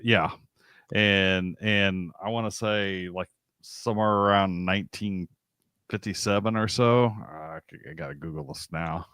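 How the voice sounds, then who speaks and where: A man co-hosting a casual podcast chat, speaking haltingly with many restarts. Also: low-pitched, a bit bright, clear, resonant tone, dry recording, studio quality.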